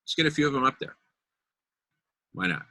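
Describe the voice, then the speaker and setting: A man's voice: medium pitch, animated, fairly quick, pushed and bright, no room sound. A man hosting a casual group video call, upbeat and enthusiastic. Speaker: meeting host.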